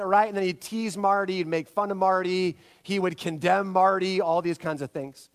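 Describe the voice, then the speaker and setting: A pastor in his thirties preaches with a high, bright-edged voice. He tells stories with lots of energy and keeps asking his listeners for a nod. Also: normal speed. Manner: storytelling, animated, asks the audience for agreement. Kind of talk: sermon.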